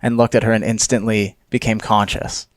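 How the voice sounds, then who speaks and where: A man's voice: lowish voice, flat delivery, normal speed, dry recording. A young man co-hosting a podcast, telling a story animatedly and swearing casually. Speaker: podcast co-host.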